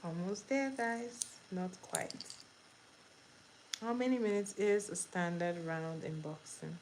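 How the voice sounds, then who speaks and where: A livestream host with a medium-pitched, slightly mellow voice runs a casual trivia game while doing her makeup, greeting viewers and repeating every question. She speaks slowly and laughs easily. The audio is poor, with a little hiss or hum.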